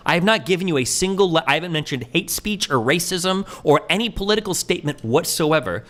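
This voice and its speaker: A young man with a high, bright voice rants at a fast clip in a heated casual argument. He sounds exasperated and profane, his pitch leaping up and down as he pushes his points. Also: lively intonation. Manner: exasperated, profane, rapid-fire ranting.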